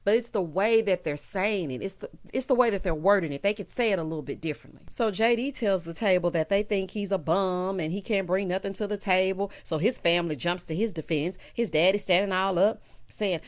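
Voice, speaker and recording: A young adult woman, host of a casual reality show recap, talking in a sassy, animated way and calling her listeners honey and child. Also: medium pitch, a little fast.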